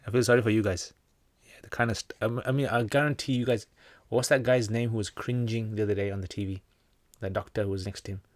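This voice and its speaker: The voice is a man's, on the low side and steady, moving at a quick pace in a dry recording. He's a British livestream host fielding viewers' questions on Islamic practice, reading each one out before replying in a casual, conversational way.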